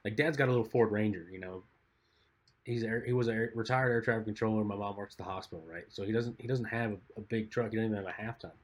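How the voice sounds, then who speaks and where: A man co-hosting a podcast, telling stories in a laid-back, rambling way and trailing off quietly at the ends of phrases. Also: fairly low pitch, steady tone, quick pace. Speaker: podcast co-host. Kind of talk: casual chat.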